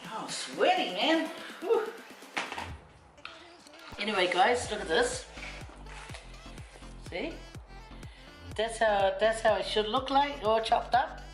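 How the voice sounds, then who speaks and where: A middle-aged Samoan woman vlogs from her home kitchen, telling a rambling story with laughing asides while she cooks. Her voice is on the high side with lively intonation, and she takes it slowly with long pauses. The kitchen is echoey, with faint music in the background.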